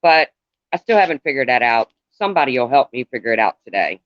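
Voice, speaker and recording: A middle-aged man speaks to his live-stream viewers at an ordinary pitch. He rambles and stops to address commenters by name. The sound is dry and dull, like a lo-fi stream. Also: big pitch swings, quick pace, dry recording.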